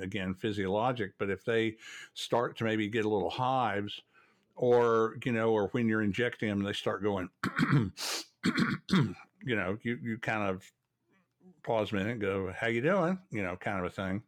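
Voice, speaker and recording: A man, a podcast host telling folksy stories from his work in radiology. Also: lowish voice. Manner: folksy, storytelling, chatty. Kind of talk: casual chat.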